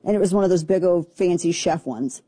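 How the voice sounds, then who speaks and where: A woman's voice: fairly low pitch, a little fast, dark tone, breathy edge, no room sound. A woman giving casual opinion commentary in an opinionated, sarcastic way.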